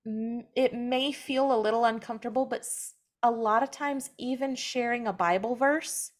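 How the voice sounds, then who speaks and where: A young woman with a fairly high voice talks earnestly in a relaxed conversation about faith. She speaks openly and personally, and she livens up when she acts out other people's words. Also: moderate pace. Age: young adult. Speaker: guest, mother sharing her story.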